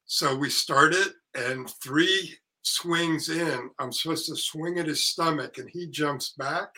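Older man, very bright tense voice, animated storytelling, acts out quotes, swears. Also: on the high side, slow, rough recording. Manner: animated anecdote telling, acting out quotes, swearing. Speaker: actor and author guest. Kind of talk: casual storytelling interview.

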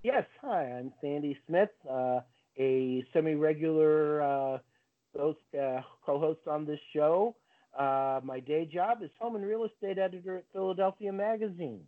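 A man co-hosting a community radio show, speaking hesitantly with many pauses and fillers. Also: a little high, narrow, tinny audio. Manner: hesitant, many uhs, dry humor. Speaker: radio co-host. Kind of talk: casual radio chat. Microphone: studio microphone.

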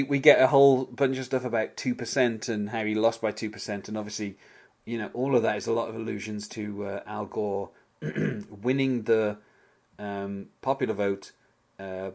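A man's voice: fairly low pitch, steady tone, normal speed, darkish tone. A man hosting a casual podcast chat, rambling and hedging a lot, often breaking into small laughs.

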